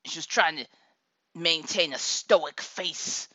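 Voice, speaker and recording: A woman telling a comic story about her daughter, animated and exasperated, laughing often. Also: low-pitched, takes it slowly, no room sound, highs cut off.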